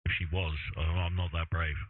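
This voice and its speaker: A man's voice: low-pitched, little pitch movement, normal speed. A man chatting and joking over amateur radio, teasing his friends and calling them mate. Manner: jokey, teasing, calls everyone mate. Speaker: ham radio operator, co-host. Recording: narrow radio transmission with static hiss.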